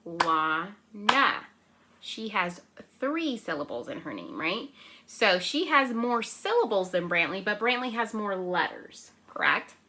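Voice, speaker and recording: A young preschool teacher with a mid-range, sing-song voice leads little children through circle time remotely. Gentle and encouraging, she often checks in with "right?" and slowly counts and claps out the syllables.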